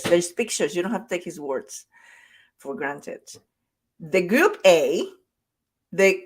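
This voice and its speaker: A woman self-love coach giving a conversational motivational talk, speaking emphatically and repeating her key points. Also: mid-range voice.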